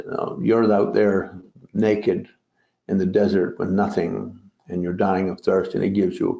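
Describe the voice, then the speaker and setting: A man's voice: low-pitched, little pitch movement, unhurried, gravelly, warm tone. A man teaching as a Buddhist teacher in a dharma talk, digressive and full of joking asides. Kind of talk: dharma talk on a translated poem. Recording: roomy, dull lo-fi recording.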